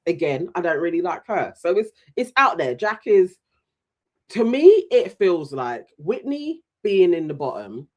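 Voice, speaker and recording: A man's voice: high voice, a little slow. A man co-hosting a casual chat, recapping reality TV and acting out the people he quotes. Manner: animated, mimics voices when retelling scenes. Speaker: podcast co-host.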